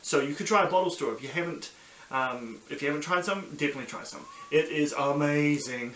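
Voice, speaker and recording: A man's voice: a little high, a little fast, fairly bright tone. A young man with a New Zealand accent hosting a casual solo review show, rambling enthusiastically with lots of ums and restarts. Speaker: podcast host. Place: small sunny room at home. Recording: echoey room with faint background hiss.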